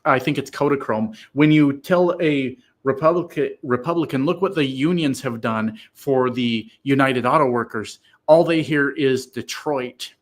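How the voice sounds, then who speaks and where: A man hosting a casual political livestream, reading viewers' comments aloud and answering them in a profane, emphatic way that turns loud and excited. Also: medium pitch, a little slow, hardly any pauses.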